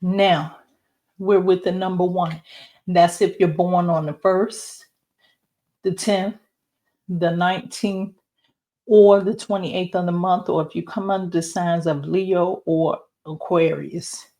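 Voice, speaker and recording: Woman, card reader; low voice, unhurried, reflective, speaks directly to listener. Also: steady tone, mellow. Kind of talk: spiritual card reading.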